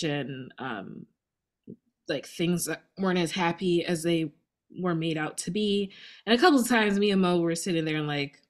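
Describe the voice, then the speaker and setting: A woman co-hosting a podcast, talking in a chatty, animated way and laughing often. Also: fairly low pitch, measured pace. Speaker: podcast co-host. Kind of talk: casual conversation.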